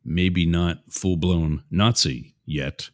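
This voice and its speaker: A man with a low voice hosts a show at a slow pace, offering opinionated political commentary. He rambles and digresses, tossing in asides to his listeners.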